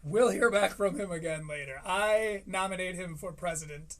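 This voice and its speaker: A man from Michigan giving casual, joking live-stream commentary on a comedy special, swearing freely between quick asides. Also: high-pitched, noisy background. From Michigan, USA. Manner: profane, joking, fast asides.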